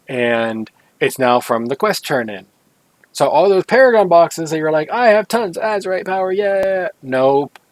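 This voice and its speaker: A man's voice: medium pitch, no room sound, low-quality recording. A man co-hosting a casual gaming podcast, rambling along with jokey asides and frequent self-corrections. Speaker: podcast co-host.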